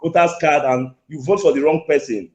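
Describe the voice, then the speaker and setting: A male caller with a fairly high voice, heard on an echoey, muffled line. He is insistent and repetitive, talking over the host as he presses his complaint. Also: fairly even intonation, a little fast. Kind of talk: angry call-in complaint. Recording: echoey lo-fi phone call.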